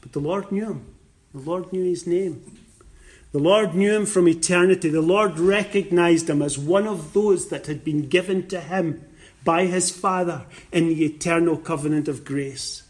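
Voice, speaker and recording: A man preaching a sermon slowly and emphatically, repeating his phrases and rising loud and high when he voices scripture.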